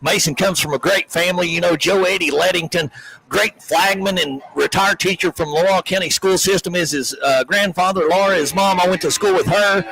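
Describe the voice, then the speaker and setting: A man doing color commentary on a high school football game, chatty and full of hype. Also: brisk, vocal fry, fairly bright tone, poor audio.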